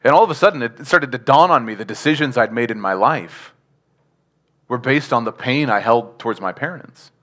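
A man's voice: mid-range voice, normal speed, bright, forceful tone. A man giving a sermon testimony, telling his story earnestly with chuckles and asking the congregation questions. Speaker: preacher.

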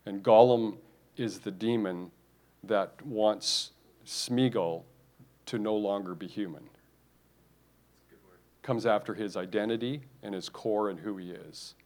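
A man's voice: on the low side, slow pace, long pauses, darkish tone. A man preaching a sermon, emphatic and repetitive, often restarting his phrases.

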